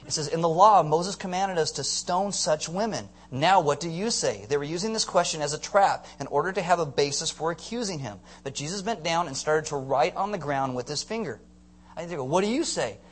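A male pastor giving a sermon to a congregation, telling stories in a joking, animated way and acting out voices. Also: fairly high pitch, brisk. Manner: joking, animated storyteller who acts out voices. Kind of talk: sermon with storytelling. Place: church before a live congregation.

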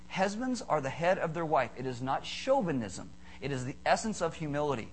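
High-voiced animated male preacher. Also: brisk, hardly any pauses, breathy edge, rough recording. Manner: animated, joking preacher who mimics voices in stories. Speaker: pastor. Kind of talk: sermon.

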